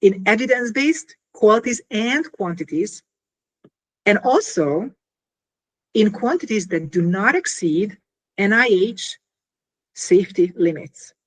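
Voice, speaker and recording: Woman chatting in an interview, husky voice that jumps all over, lots of "like" and "you know", acts out little scenes. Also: medium pitch, unhurried, pauses often. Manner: animated, full of fillers, acts out little scenes. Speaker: inventor explaining her product. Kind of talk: casual explanatory interview talk.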